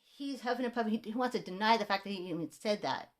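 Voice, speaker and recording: A woman's voice: mid-range voice, expressive, quick pace. A woman in a heated, indignant personal rant about a music publishing dispute, retelling phone calls and her own replies. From Mexican-American.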